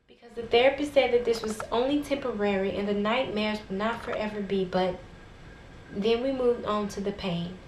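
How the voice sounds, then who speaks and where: A woman's voice: medium pitch, normal speed. A woman giving a dramatic, rhythmic spoken word poetry performance that swells to impassioned intensity. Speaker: poet. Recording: echoey room with faint background noise.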